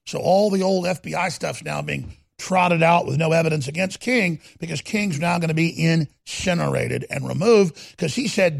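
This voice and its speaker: A man hosting a talk radio show, delivering a heated, ranting monologue that swings between loud and quiet. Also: a little high, moderate pace, gravelly, dry recording, studio quality.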